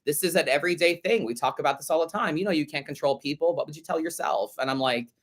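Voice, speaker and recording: A man's voice: a little high, quick pace. A man hosting a live tarot podcast, answering listener letters in a sassy, profane way, calling listeners babe and honey and repeating his points for emphasis. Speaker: podcast host and tarot reader.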